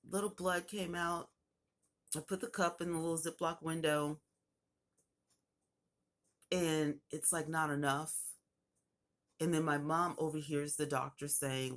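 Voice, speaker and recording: A young woman with a low, deep voice tells her own story straight to the camera. She relaxes into a casual retelling and slips into the voices of the people in it as she goes. Her delivery stays animated and personal. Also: a little slow, pauses often. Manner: animated retelling with acted quotes. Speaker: vlogger.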